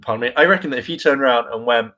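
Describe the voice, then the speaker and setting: A man of ordinary pitch chats loosely to his viewers. He wanders from one thought to the next with plenty of "um"s and "like"s. He mocks himself and swears now and then in an easy, offhand way. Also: very fast, sharp tone, poor audio. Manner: chatty and self-mocking, with frequent fillers, laughs and mimicked voices; casual swearing. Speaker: vlogger and hopeful actor. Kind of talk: casual rambling commentary.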